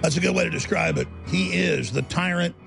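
A man hosting a talk radio show, ranting heatedly and swinging between loud outbursts and low asides. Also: a little fast, vocal fry, loud music behind the voice.

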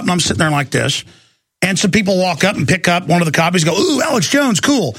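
A man's voice: a little high, gravelly, fairly bright tone, no room sound, studio quality. A man hosting a radio talk show, rambling through a long digressive rant before taking calls. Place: radio studio.

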